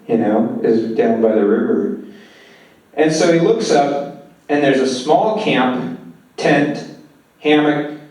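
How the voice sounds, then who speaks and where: A man's voice: medium pitch, dark tone, distant mic. A man giving a film lecture, retelling scenes from a script in a loose, conversational way. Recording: very echoey room, voice off-mic.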